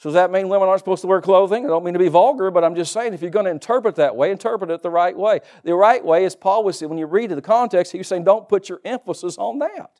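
A man's voice: high voice, fast talker, few pauses, warm tone. A middle-aged man preaching a sermon as pastor, folksy and joking asides to the congregation.

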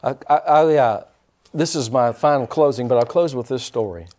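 A pastor delivering a sermon, preaching emphatically and breaking into dramatic shouts. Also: male voice, mid-range voice, moderate pace.

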